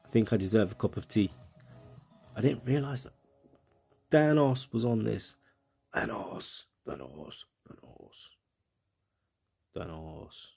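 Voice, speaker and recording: A man's voice: medium pitch, normal speed, vocal fry, pauses often, mellow, husky, soft background music. A man with a British accent giving casual, rambling commentary on a game, with self-mocking asides.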